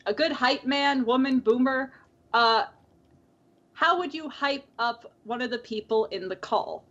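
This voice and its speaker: A woman's voice: fairly high pitch, measured pace, a bit bright. A woman co-hosting a podcast in casual chat, rambling with lots of fillers and frequent laughs. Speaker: podcast co-host. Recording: dull lo-fi call audio.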